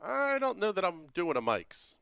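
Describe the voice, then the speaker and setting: Male stream host, casual and jokey, smooth voice, dry close mic. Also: sits high, wildly swooping pitch, normal speed, pushed and bright, dry recording. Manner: joking, drawling, talks to viewers by name. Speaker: livestream host. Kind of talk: casual livestream chat reading comments.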